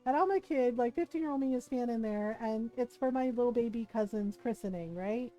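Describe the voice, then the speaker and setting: A woman streamer chatting as she plays a game, telling an animated, rambling family story full of asides. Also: a little high, a little fast, faint music behind, rough recording. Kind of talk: casual storytelling while playing a game.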